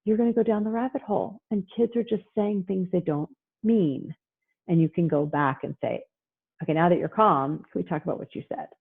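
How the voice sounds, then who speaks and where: A middle-aged woman therapist giving a lively online parenting talk, acting out parents and children as she goes. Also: lowish voice, a little fast. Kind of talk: animated online presentation. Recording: husky voice over a tinny phone-like line.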